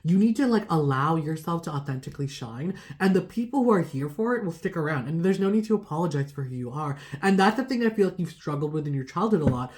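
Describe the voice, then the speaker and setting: A woman's voice: low-pitched, lively intonation, quick pace, hardly any pauses, a little mellow. A woman giving a casual tarot reading to her viewers, rambling with lots of "like" fillers and laughing at herself. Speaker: tarot reader.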